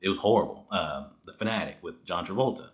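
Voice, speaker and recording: A man with a fairly low voice talks through a movie review in a loose, conversational way. He is animated and exasperated, swears freely and breaks into laughter often. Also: fast. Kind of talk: casual spoken movie review.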